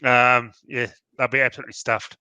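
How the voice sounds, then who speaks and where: A man's voice: medium pitch, level tone, brisk, sharp tone, clear, resonant tone, dry recording, highs cut off. An Australian man co-hosting a podcast, chatting bluntly and with strong opinions. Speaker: podcast co-host. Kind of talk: casual chat.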